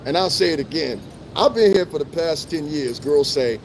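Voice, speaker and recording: A man's voice: high-pitched, expressive, fast, darkish tone, slight background noise. A middle-aged man chatting loosely to his live-stream viewers on a city street, full of swearing and laughter. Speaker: livestream host.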